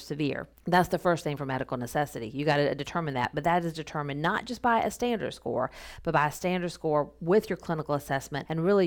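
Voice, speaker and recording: A woman speech therapist explaining clinical paperwork in a casual, instructional podcast talk, repeating her key points. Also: sits low.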